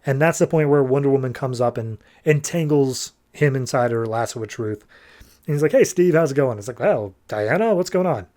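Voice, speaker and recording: A man's voice: medium pitch, moderate pace, darkish tone. A man hosting a comic book podcast, loosely retelling a story in casual chat and paraphrasing the characters' dialogue with lots of "like".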